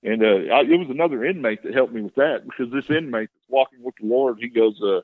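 A man's voice: medium pitch, fast, few pauses. A man tells his own story with earnest, plain-spoken feeling, his voice in a middle register. The sound is thin and tinny, like a phone line, with no room echo. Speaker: guest telling his testimony. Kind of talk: candid personal testimony.

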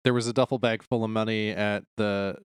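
A man co-hosting a casual comic book podcast, chiming in with relaxed quips and plot points. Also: fairly low pitch, a little fast, clear, resonant tone, no room sound. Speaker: podcast co-host.

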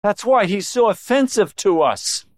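A middle-aged male pastor preaching a sermon, swinging between low intimate tones and raised emphatic lines. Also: expressive, unhurried, no room sound, clean studio sound.

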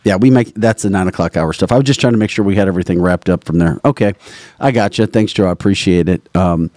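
A man hosting a talk podcast, brisk and exasperated, steering the show and calling for clips. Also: deep voice, darkish tone, no echo, studio quality. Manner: brisk, exasperated, directs the producer. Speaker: host. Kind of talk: casual political talk.

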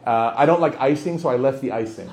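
A man's voice: mid-range voice, fast talker, darkish tone, a little hiss or hum. A man teaching a religious study circle in a casual, joking way. He tells anecdotes and acts out the dialogue. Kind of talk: informal religious lesson.

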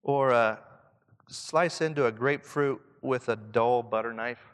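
A man with a Southern Indiana accent preaching a reflective sermon to pastors, often dropping to a soft hush to stress a point. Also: medium pitch, measured pace, smooth. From Southern Indiana, USA. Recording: long hall reverb.

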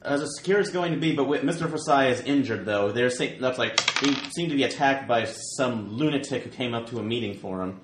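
A man's voice: medium pitch, a little fast, few pauses, slight background noise, lightly acted. A man voicing a nervous male technical director who rambles with lots of restarts, recorded in an echoey room. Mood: wary. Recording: roomy echo.

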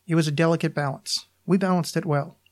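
A man reads his own short story aloud on his podcast, with slow, deliberate phrasing. His delivery is dry and deadpan, and his voice sits slightly above the usual male range. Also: a little high.

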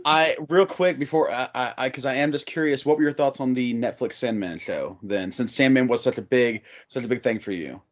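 A man's voice: mid-range voice, fairly quick, few pauses. Rambling male podcast host. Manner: rambling, stumbling restarts. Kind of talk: casual interview chat.

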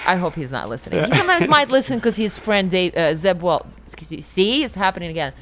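Chatty woman podcast host, low voice. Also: very animated, quick pace, a bit bright, slight background noise. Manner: chatty, trails into fillers, thanks guests at length. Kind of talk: casual podcast chat.

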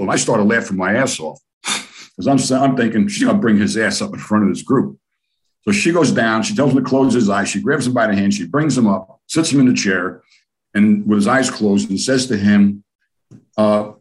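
Speaking briskly in a fairly low voice, an older American interview guest tells long stories that wander, get animated, and are laced with profanity, all in a casual storytelling interview.

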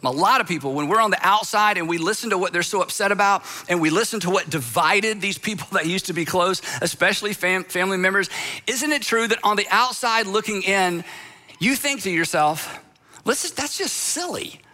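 A pastor preaches a sermon briskly yet conversationally, leaning on emphasis and slipping into brief acted-out quotes. His voice is high for a man, with a bright, forward edge.

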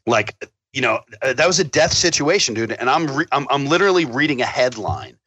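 A man telling travel stories in casual chat, profane and animated, acting out the lines of the people in them. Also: mid-range voice, brisk, no room sound, lo-fi sound.

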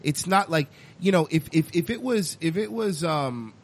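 A man hosting a casual group chat, animated and profane, mocking people with impressions. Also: on the high side, moderate pace. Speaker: podcast host.

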